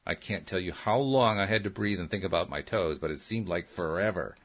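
A man's voice: low voice, a little fast, a bit bright. A man reading a first-person story aloud as an audiobook narrator, in a plain, earnest storytelling manner.

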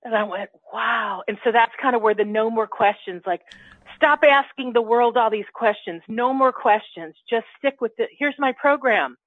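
A woman shares a personal story in relaxed spiritual conversation, slipping into her own remembered inner dialogue as she goes. Her voice sits fairly high and comes through a thin, phone-like line. The sound is close and dry. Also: moderate pace, no room sound. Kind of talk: casual spiritual chat.

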